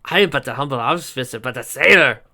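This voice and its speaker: A man's voice: mid-range voice, animated, quick pace, sharp tone, full character voice. A man voicing an odd, secretive male half-orc tinkerer with a put-on accent, who talks about himself in the third person in broken grammar.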